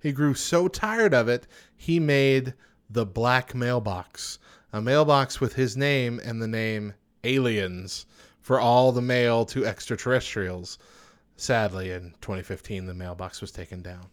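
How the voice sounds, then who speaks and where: Reading out strange news facts and following each with a joke, a young podcast host keeps his chat show casual. His voice is medium in pitch and a little slow.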